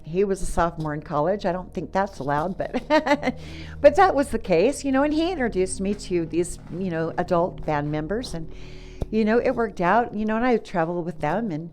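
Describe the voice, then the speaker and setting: A middle-aged woman speaks at a middle pitch, telling her own story haltingly and piling on "you know"s and restarts. Small laughs slip between her phrases, and soft music plays faintly underneath. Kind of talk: personal storytelling monologue.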